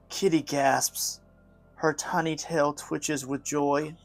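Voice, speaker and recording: A man hosting an art studio video, reading a picture book aloud in a gentle, measured way and chatting to viewers while he paints. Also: a little high, fairly even intonation, no room sound, soft background music. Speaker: art studio host and father.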